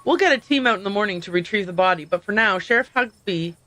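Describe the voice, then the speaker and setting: Serious male deputy, clipped official delivery, bright voice, as a woman reads him. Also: mid-range voice, animated, fast talker. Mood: stern.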